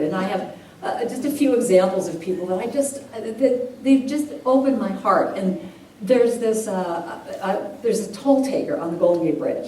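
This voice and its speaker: A woman with a warm, mid-range voice, a guest speaker and singer at a church service, tells a personal story to the congregation in a church hall with a live audience. She acts out voices and laughs often. The recording is echoey and noisy, heard from a distance.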